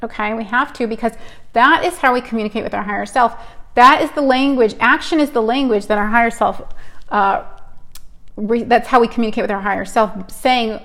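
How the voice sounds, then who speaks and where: A woman's voice: on the high side, a little fast, fairly bright tone. A woman hosting a spiritual live stream, telling stories and reading oracle cards in an upbeat, chatty way. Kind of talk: casual live stream chat and card reading.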